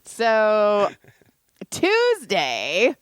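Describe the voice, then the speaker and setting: A woman's voice: medium pitch, huge pitch swings, very slow, clean tone, dry recording. A middle-aged woman co-hosting a podcast, telling a family story in a chatty, profane way and acting out the dialogue. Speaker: podcast co-host. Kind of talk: casual chat.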